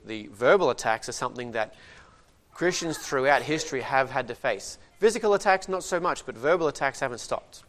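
A man delivering a church sermon at an ordinary middle pitch. He moves between soft, confiding asides and louder stressed phrases as he teaches. His delivery stays earnest and steady. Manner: varies loudness widely, reads King James passages aloud. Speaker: preacher. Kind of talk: sermon with scripture reading.

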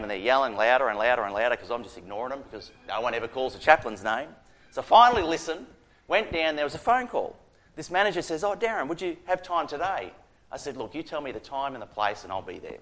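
A middle-aged Australian man, a prison chaplain, telling a personal faith story in a conversational way, acting out the dialogue. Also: mid-range voice. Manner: conversational, animated retelling with quoted dialogue. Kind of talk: storytelling testimony.

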